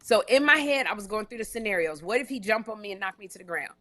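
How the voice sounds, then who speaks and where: Woman, comedian host, live-stream storytelling, emphatic and animated, bright ringing voice, dry close sound. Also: mid-range voice, quick pace, no room sound. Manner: animated, emphatic, repeats herself. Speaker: talk show host and comedian. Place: hotel room.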